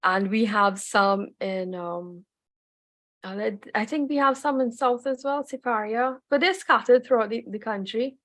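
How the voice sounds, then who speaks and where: A woman's voice: fairly high pitch, measured pace, a bit bright. A woman with a Trinidadian accent, a journalist guest chatting in an easygoing, detailed way in an interview. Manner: chatty, detailed, frequent restarts. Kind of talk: casual interview chat.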